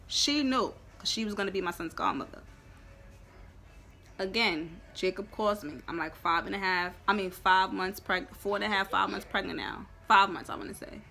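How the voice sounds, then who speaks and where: Bright-voiced New young woman. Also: medium pitch, a little hiss or hum. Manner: animated, profane, emphatic storytelling. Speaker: vlogger. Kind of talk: storytime chat.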